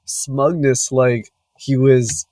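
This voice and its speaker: A young man co-hosting a comedy podcast, telling stories in a wry, deadpan way with frequent laughs. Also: mid-range voice, drawn-out words. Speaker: podcast co-host. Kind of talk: casual comedic chat.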